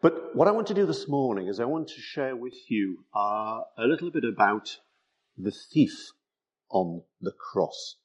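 A man's voice: medium pitch, sing-song, measured pace. A man preaching a sermon, emphatic and full of rhetorical tag questions.

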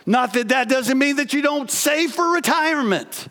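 A man in his forties delivers a sermon with a very high voice. He talks in a lively, conversational way, telling stories and turning to the congregation with asides. The long reverb of a church sanctuary hangs behind every line. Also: moderate pace. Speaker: pastor.

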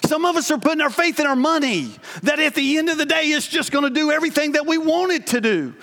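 A man in his forties preaching a sermon to his congregation, telling lively, conversational stories with asides to the people in front of him. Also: very high voice, fast. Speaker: pastor. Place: church sanctuary. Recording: long hall reverb from a church sanctuary.

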